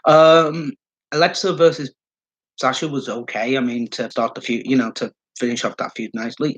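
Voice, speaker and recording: A man's voice: mid-range voice, moderate pace, poor audio. A man giving casual solo commentary as a wrestling fan vlogger, rambling and swearing, with lots of fillers.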